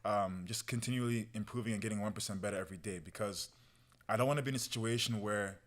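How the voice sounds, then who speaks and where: A man's voice: fairly low pitch, fast. A young man telling a personal story as a podcast guest in casual, slangy talk. He keeps saying "bro" and "yo" and acts out his own past words as he goes. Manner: relives moments through quoted self-talk.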